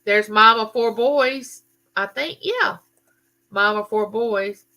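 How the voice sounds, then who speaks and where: A woman's voice: a little high, slow, bright, forceful tone. A middle-aged woman, telling a story in a casual live chat and answering viewers. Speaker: livestream host.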